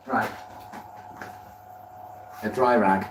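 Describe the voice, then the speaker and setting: A fairly high-voiced man chats away on a live stream, self-deprecating and friendly with his viewers. He sounds set back from the mic in a roomy, echoey workshop, with a faint hum of ambience behind him. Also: steady tone, normal speed, distant mic. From Wales. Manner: chatty, self-deprecating, thanks viewers by name. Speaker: woodturning livestreamer. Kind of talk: casual live-stream chat while working. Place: home workshop.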